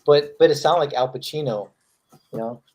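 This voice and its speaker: A man's voice: mid-range voice, normal speed, darkish tone. A man who draws comics, chatting casually with friends and telling rambling anecdotes, acting out the quotes. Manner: rambling storyteller, acts out quotes. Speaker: comic artist, host. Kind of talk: casual chat.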